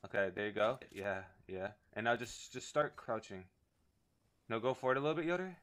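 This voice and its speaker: A young man streaming a game from his home setup, joking crudely in casual banter with sudden excited outbursts into a desk mic. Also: mid-range voice, brisk, noisy background.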